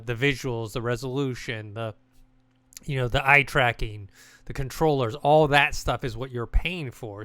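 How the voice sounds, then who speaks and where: Bright, crisp-voiced man co-hosting a podcast. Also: mid-range voice, no echo. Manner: relaxed, rambling, many restarts and fillers. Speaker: podcast co-host. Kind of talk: casual chat.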